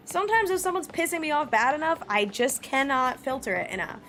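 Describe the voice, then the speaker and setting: A woman's voice: high voice, very animated, moderate pace, fairly bright tone, a little hiss or hum. A woman streamer chatting casually with her live chat, blunt, swearing freely and laughing often.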